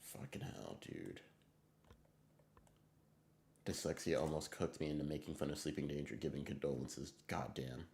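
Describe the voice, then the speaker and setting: A man streaming live, chatting casually and answering viewer messages in excitable, rambling bursts with a lot of swearing. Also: extremely low pitch, fast talker, few pauses, slight background noise. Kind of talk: casual livestream chat reading viewer messages.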